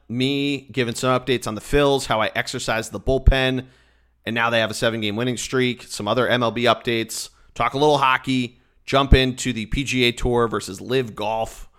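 A man's voice: medium pitch, fairly bright tone, clean tone. Male solo podcast host, casual, upbeat, joking, rambly. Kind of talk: solo sports podcast chat.

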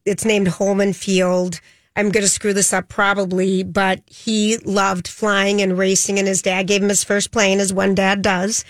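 A woman co-hosting a radio show in casual chat, chatty and animated and quick to laugh. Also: mid-range voice, no echo. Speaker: radio co-host.

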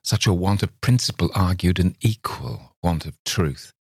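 A man narrating a classic short story in a measured, steady reading voice. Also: low-pitched, slightly rough, no room sound, studio quality. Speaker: reader. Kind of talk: audiobook narration.

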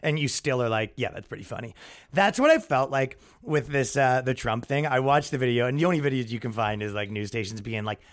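A man's voice: medium pitch, lively intonation, fairly quick, few pauses. A young adult man hosting a podcast, ranting casually and acting out quotes in his own voice. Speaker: podcast host. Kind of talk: casual comedic rant.

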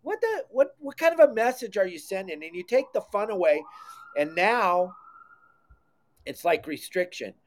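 A man's voice: high-pitched, big pitch swings, normal speed. A middle-aged man hosting a casual podcast, talking with emphatic enthusiasm about taking kids fishing. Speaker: podcast host.

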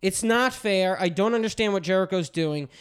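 A man's voice: high-pitched, moderate pace, clear, resonant tone. A man hosting a podcast, ranting in a casual, profane way about wrestling and telling stories. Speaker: podcast host.

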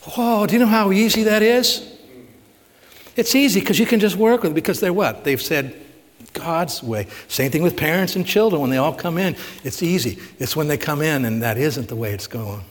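Male pastor, fairly high voice, easy conversational sermon, long hall reverb. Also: moderate pace. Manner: asks rhetorical questions, retells stories with emphasis.

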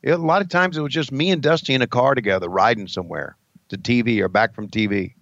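A man's voice: medium pitch, quick pace, a bit bright, no echo, muffled recording. A man co-hosting a casual podcast, folksy and emotional, often stumbling over his words. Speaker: co-host, former wrestling announcer.

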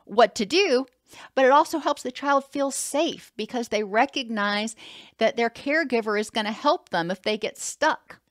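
Woman, educational talk, explanatory, acts out examples, higher pitch, dry sound. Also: a bit bright, no room sound. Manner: explanatory, acts out caregiver quotes, some restarts.

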